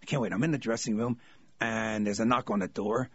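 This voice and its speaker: A male comedian telling anecdotes in an animated way, acting out the people in his stories. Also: fairly low pitch, a little fast, no room sound, lo-fi sound. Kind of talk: anecdotal storytelling.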